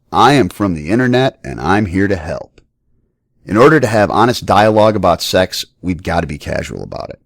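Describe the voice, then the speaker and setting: Man, deep voice, lively swings in pitch, blunt and profane, dry close sound. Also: brisk, vocal fry, no echo. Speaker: podcast host. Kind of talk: scripted monologue.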